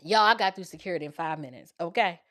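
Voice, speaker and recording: A woman hosting her show, telling a personal story in a casual, animated way. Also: fairly low pitch, quick pace. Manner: animated, quotes people in changed voices. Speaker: show host.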